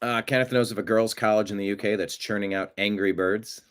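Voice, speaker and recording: A man's voice: lowish voice, steady tone, fairly quick, clean tone. A man hosting a live stream, chatting casually and reading viewer comments with rambling, jokey asides. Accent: American. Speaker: show host.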